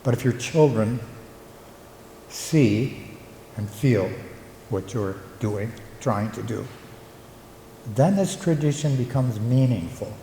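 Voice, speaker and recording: An older man, a local historian and retired teacher, gives a reflective conference talk, pausing with fillers as he tells stories. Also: mid-range voice, expressive, mellow. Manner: reflective storyteller, halting with fillers. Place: conference hall. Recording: echoey hall, faint room noise.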